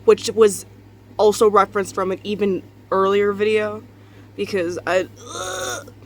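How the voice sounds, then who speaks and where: A woman's voice: mid-range voice, level tone, moderate pace. Young woman, casual confessional vlog, candid rambling, tired, bedroom, faint background hum. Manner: rambling, candid, frequent swearing and laughter. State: tired, just out of bed. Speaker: vlogger. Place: bedroom at home.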